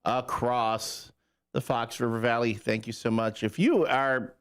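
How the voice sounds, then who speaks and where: A man's voice: medium pitch, fairly even intonation, a little slow, smooth. Jokey male morning radio host. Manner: jokey, rambling, with playful asides. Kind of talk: casual morning radio banter and weather report. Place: radio studio.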